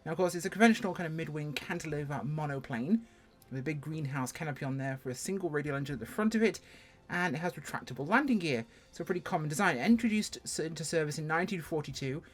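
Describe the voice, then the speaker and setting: A speaker with an English accent doing a casual first-look review of a flight sim plane, chatty and self-deprecating, with sudden jumps in pitch. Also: lively intonation, fast, soft background music. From England.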